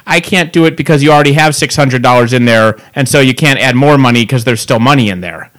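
A man's voice: medium pitch, fast. A man telling a long angry story in casual chat, ranting and swearing freely. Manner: ranting, profane, animated. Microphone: pop filter.

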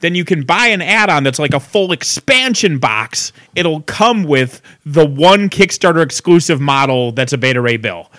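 A man's voice: fairly high pitch, animated, moderate pace, hardly any pauses, fairly bright tone. A man co-hosting a podcast, chatting casually with a profane, sarcastic, ranting manner. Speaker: podcast co-host. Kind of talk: casual chat.

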